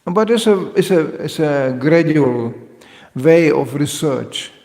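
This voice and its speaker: Male spiritual teacher, devotional lecture, gravelly and animated, acts out quotes, big echoing hall. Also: a little high, takes it slowly. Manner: lively, joking, acts out quoted voices.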